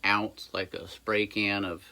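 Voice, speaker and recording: In his workshop by a busy road, the owner of a small engine repair shop rambles through a casual how-to repair, folksy and full of jokey asides. He speaks slowly with little pitch movement, his voice low-leaning yet bright and forceful, while he wanders around the bench near a camera mic.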